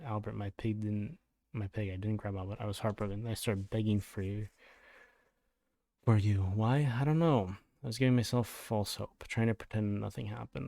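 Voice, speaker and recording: Male commentary YouTuber, lowish voice, dry close sound, reads text aloud and cuts in with blunt swearing asides. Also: vocal fry, mellow, no echo. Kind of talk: reading a written statement aloud with reactions.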